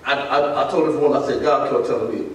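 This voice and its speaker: Storytelling pastor in an echoey church. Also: male voice, medium pitch, fast talker, far from the mic. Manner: storytelling, laughing, acting out dialogue. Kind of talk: sermon testimony. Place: church sanctuary. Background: congregation responses.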